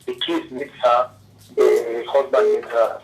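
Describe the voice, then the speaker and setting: A man calls in to a radio show and offers calm, measured advice. He sounds distant from the phone. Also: medium pitch. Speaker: caller.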